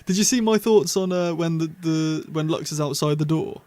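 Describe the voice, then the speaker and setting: A young man with a slightly raised voice, chatting eagerly on a fan podcast. He talks in quick bursts and laughs often. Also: a little high, darkish tone. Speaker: podcast host. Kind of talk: casual fan podcast chat.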